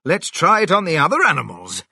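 A reader voicing an excited middle-aged father, raised in pitch and quick. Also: gravelly, husky, no echo, studio quality, full character voice.

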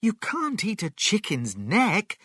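Brief: man playing an anxious mother, high and shrill, storybook reading, close dry sound. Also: wildly swooping pitch, takes it slowly, a bit bright, slightly rough, dry recording, full character voice. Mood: fretful. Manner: cries and calls out in alarm. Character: anxious mother, a grown woman.

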